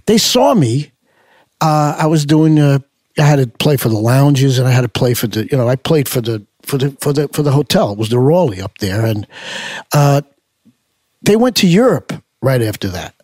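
A man's voice: mid-range voice, expressive, moderate pace, a little mellow, no echo, studio quality. An older man, a musician being interviewed, telling stories in a loose, rambling way with many fillers and restarts. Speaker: musician guest. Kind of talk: casual storytelling interview.

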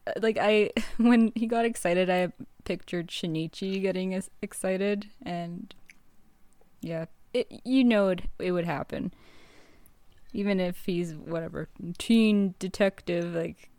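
A woman's voice: on the low side, a little slow, darkish tone, dry recording. A woman co-hosting a casual podcast, laughing often and musing tentatively. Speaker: podcast co-host.

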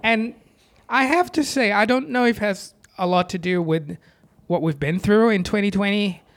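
A man's voice: high-pitched, moderate pace. A man co-hosting a casual film chat, talking enthusiastically with many uhs and hesitations. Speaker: podcast co-host. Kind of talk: casual movie review chat.

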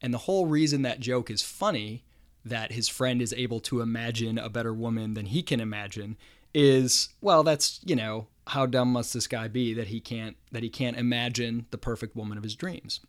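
A man's voice: mid-range voice, steady tone, normal speed. A man hosting his own podcast, talking casually and thinking aloud, with frequent chuckles. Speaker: podcast host. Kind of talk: solo podcast monologue.

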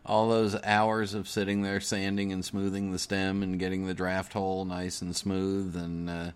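A man hosting a podcast, asking relaxed, conversational questions. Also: sits low, normal speed, smooth. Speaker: podcast host. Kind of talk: casual interview questions.

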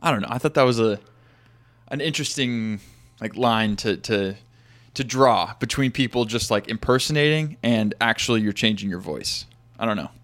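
A man's voice: medium pitch, normal speed, a bit bright. A man hosting a casual podcast chat, rambling with many fillers while asking his guest questions. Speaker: podcast host. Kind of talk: casual conversational interview.

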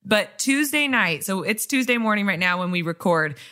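A woman's voice: medium pitch, lively intonation, normal speed, sharp tone. A woman from the American Midwest hosting a podcast in easygoing casual chat, laughing often. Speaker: podcast host.

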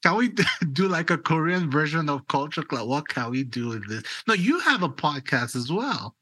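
A man from Nigeria hosting a podcast interview, talking in an excitable, emphatic way and often repeating words. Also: fairly high pitch, moderate pace. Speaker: podcast host. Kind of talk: casual interview chat.

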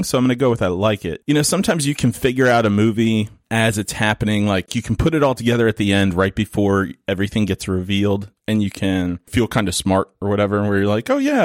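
A man's voice: mid-range voice, no echo, studio quality. A man co-hosting a casual movie podcast, chatting loosely, often laughing and acting out little quotes. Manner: laughing, animated, acts out quotes. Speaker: podcast co-host reviewing movies. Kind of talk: casual chat.

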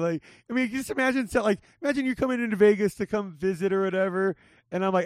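A man's voice: sits high, steady tone, fast talker, no room sound, clean studio sound. A man guesting on a comedy podcast, rambling loosely with lots of "like" and laughter. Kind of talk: casual comedic podcast chat.

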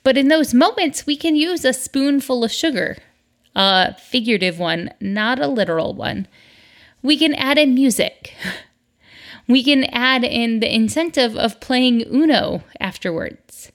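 This is a woman in her forties giving casual parenting advice in a chatty, upbeat way. Her voice sits slightly higher than most, and she drops in playful little asides. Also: expressive, a little slow. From northern US.

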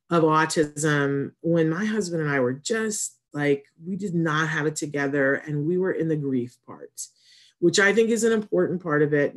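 Chatty rambling woman host. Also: deep voice. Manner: rambling and warm-hearted, with frequent self-interruptions. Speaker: host of an autism community show. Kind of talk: casual chatty monologue to viewers.

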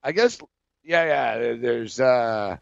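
A man's voice: medium pitch, lively intonation, slow, creaky, smooth, no echo, muffled recording. A man hosting sports radio, chatting casually with many "yeahs.".

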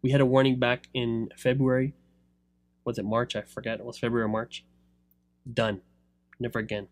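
A man giving a rambling motivational talk about online selling, swinging between loud pushes and low asides. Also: little pitch movement, normal speed, no echo. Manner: rambling, filler-heavy. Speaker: online seller coaching others.

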